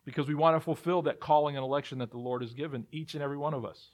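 A man's voice: a little high, fairly even intonation, rapid-fire. A male pastor preaching a sermon, emphatic and repeating phrases as he builds his points.

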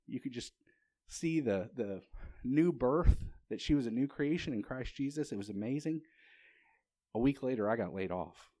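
A male preacher delivers a sermon as a relaxed personal story, with plenty of restarts along the way. He puts rhetorical questions to the congregation. His voice sits at an ordinary middle pitch and sounds dry and close. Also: no room sound. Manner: conversational storytelling, frequent restarts.

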